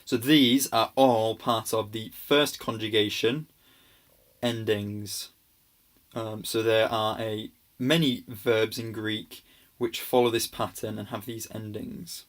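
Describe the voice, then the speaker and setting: A man with a fairly low voice walks through a grammar lesson at an unhurried pace. He explains patiently and reassuringly, pausing often on ums and restarting his sentences. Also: fairly even intonation. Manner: hesitant, many ums and restarts. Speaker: language teacher. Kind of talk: casual slide-based grammar lesson.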